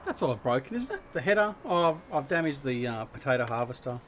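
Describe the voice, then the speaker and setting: An Australian man hosts a gaming livestream, chatting casually with viewers, greeting them by name, and joking about himself. His medium-pitched voice is sing-song, quick, and a bit bright, with slight background noise.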